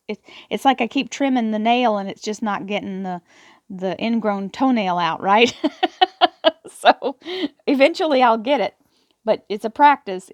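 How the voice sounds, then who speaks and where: In a spiritual affirmation talk to camera, a tarot reader with a medium-pitched voice reads and explains affirmations in an earnest, uplifting way, often repeating words. The audio is dry and clean, like a studio.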